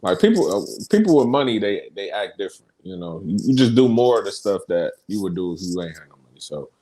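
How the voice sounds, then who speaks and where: Lower-voiced man telling stories animatedly. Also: fast talker. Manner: animated storyteller, quotes others in a mock voice. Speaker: podcast co-host. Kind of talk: casual chat and sports talk.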